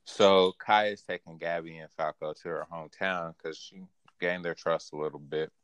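A man with a very low voice recaps an anime episode in casual, animated chat, often laughing and jumping up in pitch to quote characters. The sound is dry and close to the mic. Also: normal speed, smooth, no echo. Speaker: podcast co-host.

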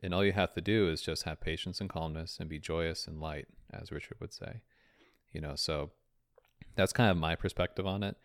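A man's voice: low voice, fairly even intonation, moderate pace, no echo, studio quality. A man hosting a casual podcast chat, teasing his guest and laughing often. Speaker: podcast host.

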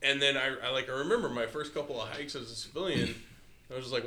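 A man's voice: medium pitch, fast, bright, forceful tone. Swearing man in an echoey room. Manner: profane, heavy swearing. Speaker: podcast co-host, veteran. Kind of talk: casual podcast chat. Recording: echoey room with faint noise.

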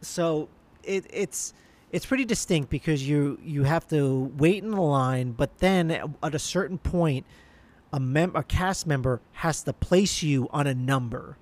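A man's voice: a little high, unhurried, darkish tone. A man with a voice sitting a little above the usual male range recounts a personal anecdote in easy conversation. He rambles, trips over his own starts and piles on fillers as he works his way through the story. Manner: rambling, full of restarts and fillers. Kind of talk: casual anecdote.

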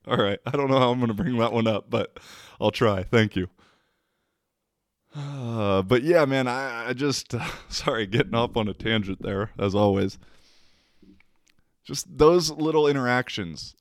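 A man's voice: lowish voice, no echo, studio quality. A man talking casually to the camera, telling a rambling story, laughing often and swearing offhandedly.

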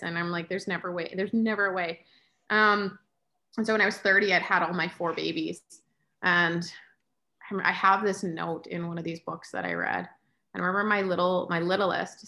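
A woman's voice: on the low side, moderate pace, creaky, bright, forceful tone. Woman in her thirties telling stories. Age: 30s. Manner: candid, storytelling, acts out her own inner voice. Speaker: yoga teacher. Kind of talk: casual conversation.

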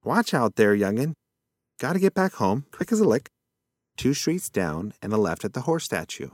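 A man's voice: mid-range voice, big pitch swings, moderate pace, no room sound, clean studio sound, voice pushed up. A man putting on a forgetful rambling old possum. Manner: rambling, folksy, muddled.

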